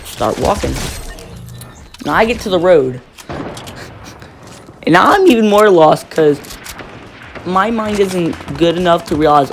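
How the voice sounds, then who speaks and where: A man's voice: a little high, animated, normal speed, gravelly, long pauses, slight background noise. A teenage boy telling a rambling story-time tale, full of fillers and restarts.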